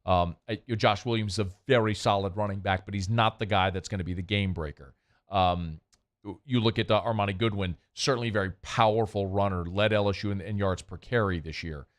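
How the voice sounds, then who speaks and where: Male sports radio host, lowish voice, loose chatty delivery. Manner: chatty, loose, quick asides. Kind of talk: casual sports talk and live ad read.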